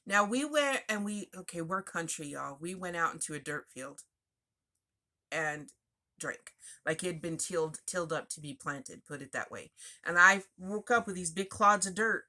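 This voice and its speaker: A woman's voice: lowish voice, normal speed, bright, forceful tone. A woman frankly telling a personal story in a chatty, confessional way with asides. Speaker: vlogger sharing personal recovery story.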